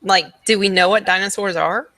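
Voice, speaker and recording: A woman playing a tabletop role-playing game, excited and giggly, full of questions. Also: mid-range voice, fairly quick, no echo. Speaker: player.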